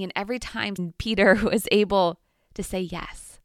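A woman teaching from the Bible in an earnest, storytelling way, breaking into playful asides now and then. Her voice is smooth and resonant, at an ordinary middle pitch, and the recording is dry and close. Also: unhurried, no echo. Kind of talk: devotional teaching.

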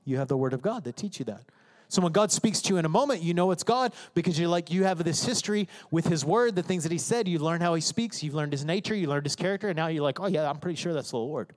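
A man with a high, bright voice preaches from the stage, his words ringing through a reverberant sanctuary. He talks emphatically and conversationally, slipping into the voices and prayers of his congregation. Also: lively intonation, quick pace. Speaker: pastor. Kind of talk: sermon. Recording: reverberant hall.

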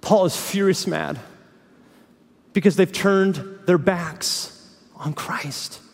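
A man pastor preaching a sermon, swinging between hushed low phrases and fiery raised peaks. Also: slow, vocal fry, in a large hall.

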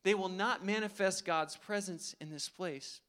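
A man's voice: high-pitched, unhurried, a bit bright, smooth. A man preaching a sermon in an earnest, conversational way, asking the congregation rhetorical questions. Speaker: pastor.

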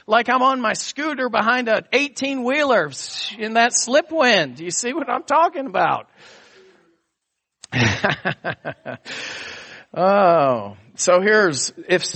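A middle-aged man preaches a sermon in a high voice. He takes his time, leaning into an animated, conversational delivery with frequent asides to his listeners. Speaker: pastor.

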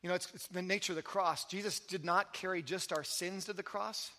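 A man preaching a sermon as pastor, telling stories with energy and then dropping to soft, intimate emphasis. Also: high voice, fairly even intonation, a little fast. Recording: long hall reverb.

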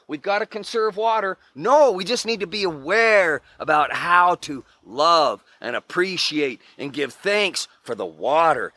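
A man's voice: high-pitched, pushed and bright, dry recording. A middle-aged man giving an earnest, emphatic motivational talk about wilderness survival and self-improvement. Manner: earnest, emphatic, preachy with repeated exclamations.

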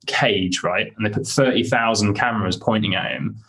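A young man, a podcast guest, telling excited, rambling stories in casual chat with many fillers. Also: lowish voice, moderate pace, creaky.

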